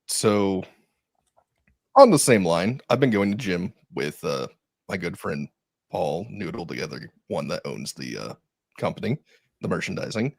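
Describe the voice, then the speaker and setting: Low gravelly man telling animated stories. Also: a little slow, long pauses, no echo, studio quality. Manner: animated storyteller, acts out his own reactions. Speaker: podcast guest. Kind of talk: casual chat.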